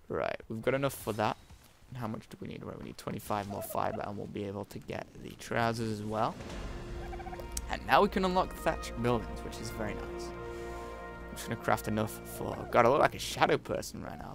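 A man's voice: on the low side, normal speed, creaky, over music. A young man giving jumpy, jokey let's-play commentary, often swearing as he plays. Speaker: gaming YouTuber.

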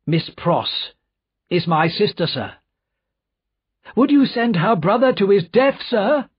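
A man's voice: sits high, very animated, slow, slightly rough, muffled recording, voice pushed up, heavily acted. A man voicing a nervous, cornered male spy who pleads for his life in a storybook reading. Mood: pleading. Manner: pleading, raised and strained.

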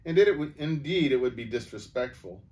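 A man's voice: medium pitch, animated, fairly quick, darkish tone, pitched above the performer's own voice, close to an everyday voice. A man voicing a proud, boastful male talking horse who lectures pompously, in a storybook read-aloud. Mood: lecturing, pompous.

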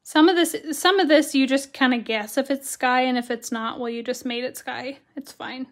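A woman with a hoarse voice teaching watercolor on a live stream, chatty and greeting viewers by name as she works. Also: sits high, moderate pace. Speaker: watercolor instructor. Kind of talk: live-stream craft tutorial.

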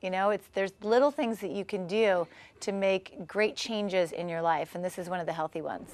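A woman's voice: medium pitch, moderate pace, darkish tone, a little hiss or hum. A woman in her thirties, a guest on a TV talk show, speaking in a bubbly, chatty and upbeat way. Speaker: guest, former Olympic swimmer. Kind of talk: casual TV interview.

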